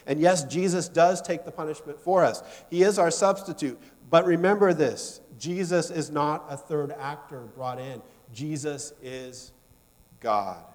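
Man preaching in an echoey hall. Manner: storytelling, swings between loud emphasis and soft low asides. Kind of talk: sermon.

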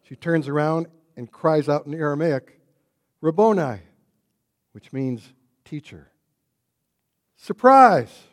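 A man preaching an Easter sermon, retelling a story and building to loud, repeated exclamations. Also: fairly high pitch, steady tone, measured pace.

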